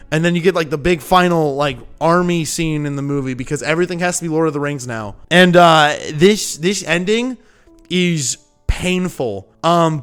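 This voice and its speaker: A young man rants through a film review, sarcastic and exasperated, now and then breaking into shouts. His voice sits high and sounds bright and forceful. Faint music plays under his talk. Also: clean tone. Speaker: video reviewer. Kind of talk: ranting commentary.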